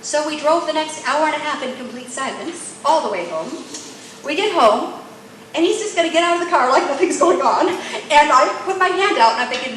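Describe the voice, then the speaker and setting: A woman's voice: high-pitched, animated, fairly quick. A woman teaching a room of women, telling stories with acted-out dialogue and bursts of laughter. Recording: strongly echoey room with faint noise.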